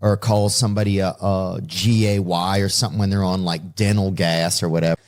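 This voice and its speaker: Podcast host, male, Southern drawl, slightly low pitch, loose and jokey. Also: fairly even intonation, a little fast. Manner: joking, drawling, laughs often. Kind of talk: casual podcast banter.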